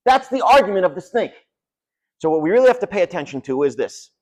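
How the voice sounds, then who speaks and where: A man delivering a sermon as a rabbi, telling stories with dramatic drops to a near hush. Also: high-pitched, a little fast. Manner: animated storytelling with dramatic drops in volume. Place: synagogue study hall.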